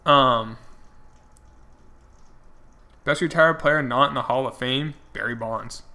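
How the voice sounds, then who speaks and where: A young man streams a game and chats as he plays. His voice is bright and clear, and he talks in a loose, rambling way, with many fillers and restarts. He stays casual throughout. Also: medium pitch, takes it slowly. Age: young adult. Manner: rambling, filler-heavy, chatty. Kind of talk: casual commentary while gaming.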